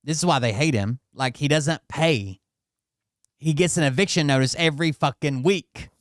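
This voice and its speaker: A man hosting a reaction show, delivering mocking, deadpan commentary and swearing casually. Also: on the high side, moderate pace, dry recording, studio quality. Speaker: host.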